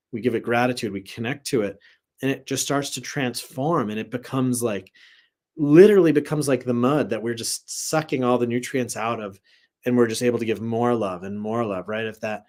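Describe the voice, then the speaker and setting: A man giving a live spiritual teaching in a relaxed, conversational way, often asking "right?" and swearing now and then. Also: mid-range voice.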